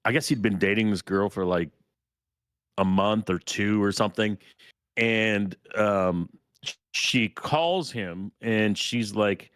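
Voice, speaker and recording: A man co-hosting a podcast, telling a story in a rambling, halting way with many fillers. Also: lowish voice, fairly bright tone, clean tone, dry recording, studio quality. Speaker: podcast co-host. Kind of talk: casual storytelling.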